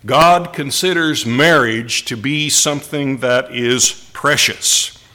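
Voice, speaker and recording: A man preaching a sermon to a congregation in slow, deliberate phrases with pauses for emphasis. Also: mid-range voice, pushed and bright.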